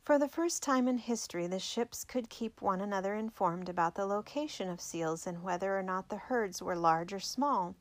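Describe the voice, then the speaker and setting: A woman narrating a biography aloud in a measured, clear storytelling manner. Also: medium pitch, lively intonation, no room sound.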